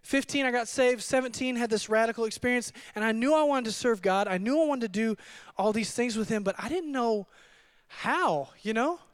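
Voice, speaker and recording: A man preaching a sermon as pastor, telling his story in an animated, conversational way with frequent asides to the room. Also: extremely high pitch, normal speed, smooth. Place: church hall.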